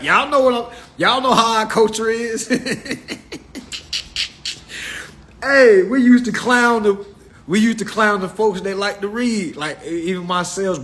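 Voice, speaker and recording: A man hosting a livestream, ranting comically to his viewers in a profane, animated way and calling them y'all. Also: high-pitched, measured pace. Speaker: livestream host. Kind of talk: casual comedic rant.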